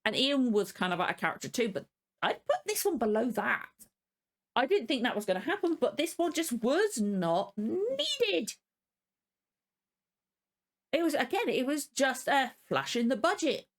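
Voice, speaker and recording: Woman, reaction vlogger, rambling, frank, irritated, fillers and restarts, slightly high voice. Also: sing-song, unhurried. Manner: openly annoyed, venting. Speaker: reaction channel host. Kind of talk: casual reaction commentary.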